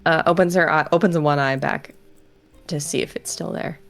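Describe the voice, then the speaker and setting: Low gravelly-voiced woman player. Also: steady tone, normal speed, soft background music. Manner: hesitant, many ums. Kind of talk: narrating her character's actions.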